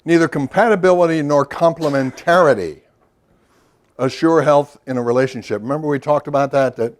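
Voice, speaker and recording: A man's voice: fairly high pitch, brisk. A middle-aged man giving a workshop lecture in a loose, storytelling way, with asides and questions to the audience. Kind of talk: recorded lecture to a professional audience.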